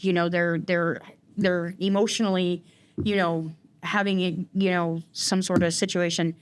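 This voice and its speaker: A woman recounting her personal story in an interview, talking in a rambling way with many fillers and restarts. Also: mid-range voice. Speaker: guest in recovery.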